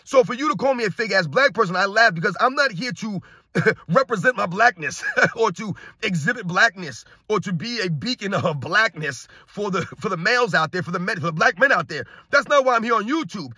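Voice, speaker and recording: Middle-aged guy ranting hard about sports, keeps saying man, bright husky voice, dry sound. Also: sits high, expressive, fairly quick, no room sound. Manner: heated, repetitive, emphatic with "man". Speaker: sports commentary channel host. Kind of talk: ranting commentary to camera.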